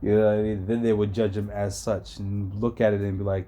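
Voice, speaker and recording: Man, stream host, sarcastic reactions, mellow voice. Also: lowish voice, little pitch movement, fairly quick, hardly any pauses. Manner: sarcastic, interjecting. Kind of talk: reacting to a video.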